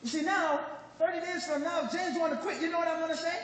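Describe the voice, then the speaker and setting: High-voiced Jamaican man, echoey hall. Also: fast. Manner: joking, animated storyteller who questions the crowd. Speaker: business presenter. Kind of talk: motivational speech to a live audience. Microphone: phone recording from the audience, far off. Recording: echoey hall, distant phone recording, faint noise.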